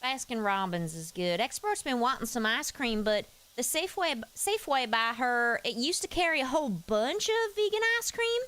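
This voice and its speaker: A folksy Southern woman gabbing away in a casual stream chat, as a streamer puts her on. Her voice sits fairly high and swoops around a lot, and it stays clean and smooth. She drawls through her stories in a loose, friendly way. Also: lively intonation, moderate pace, hardly any pauses, fairly bright tone, low-quality recording. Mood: chatty.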